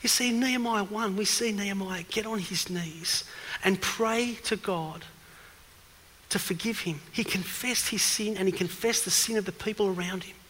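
Preacher with a bright, high voice. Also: male voice, moderate pace, big-room sound, a little hiss or hum. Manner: questioning, emphatic, rises in force. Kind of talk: evening sermon.

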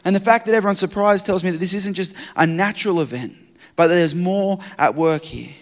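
High-voiced preacher in a reverberant hall. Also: male voice, a little fast. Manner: dramatic swings from loud urgency to hushed quiet. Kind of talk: sermon.

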